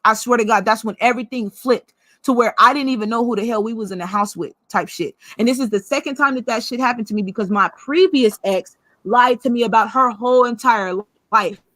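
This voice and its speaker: A woman vlogger telling a personal story in a blunt, profane, animated way. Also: a little high, brisk, no room sound.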